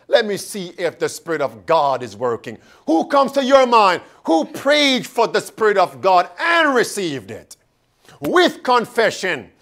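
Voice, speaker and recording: A man delivers a sermon in a high, animated voice that swoops up and down. He speaks slowly, drawing out key words for emphasis. He keeps turning to the congregation with questions. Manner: calls and questions to the congregation, drawn-out emphatic phrases. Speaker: preacher.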